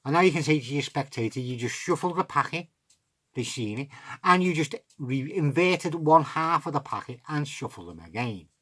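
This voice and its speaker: A man's voice: a little high, lively intonation, moderate pace, fairly bright tone, slightly rough. A middle-aged man with a chatty manner, explaining a card trick step by step and talking to himself as he handles the cards. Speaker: magic tutorial host.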